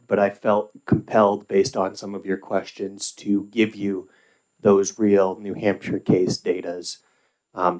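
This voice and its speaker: Very deep, flat-voiced man testifying. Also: rough recording. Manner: formal, measured, with occasional fillers. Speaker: public witness at a legislative hearing. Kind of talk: formal testimony.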